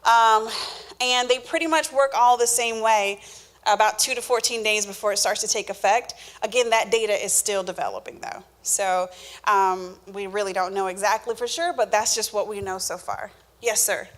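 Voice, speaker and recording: A woman's voice: mid-range voice, steady tone, moderate pace. A woman answering health questions in an informal Q&A, explaining step by step with fillers and small restarts. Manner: explanatory, many fillers and restarts, acts out the body talking.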